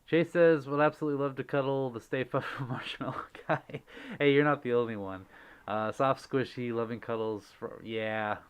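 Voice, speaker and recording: A man hosting a casual livestream, reading out viewer messages and gushing with giggly, excitable thanks. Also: medium pitch, normal speed, smooth. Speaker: livestream host.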